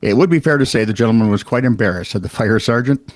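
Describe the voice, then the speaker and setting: A man co-hosting a podcast, reading out odd news stories in a wry, animated storytelling way with casual asides. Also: medium pitch, quick pace, dry recording. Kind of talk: casual comedic news chat.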